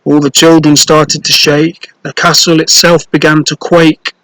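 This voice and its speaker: Man reading a children's story slowly. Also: fairly high pitch, level tone, a bit bright, no echo, poor audio. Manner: slow, clear and playful, with rhymes.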